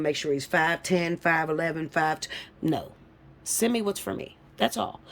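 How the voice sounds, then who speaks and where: Blunt, profane woman reading tarot. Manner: blunt, profane and teasing, breaks into laughs; lively, swinging from low mutters to high shouts. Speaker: tarot reader. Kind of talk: casual tarot reading to camera.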